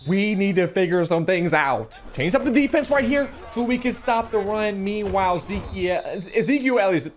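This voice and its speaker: Excitable young man calling his football game. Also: sits high, moderate pace, few pauses. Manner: excitable, shouts and laughs at big plays, talks to viewers; animated, talks with his hands. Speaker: video game commentator. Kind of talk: live gameplay commentary.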